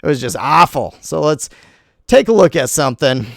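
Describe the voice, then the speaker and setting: Animated, gravelly man narrating gameplay. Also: on the high side, dry recording, studio quality. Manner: self-critical, talks to himself while narrating; animated, quick swings between groans and cheers. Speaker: gaming channel host. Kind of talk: gameplay commentary on a replay.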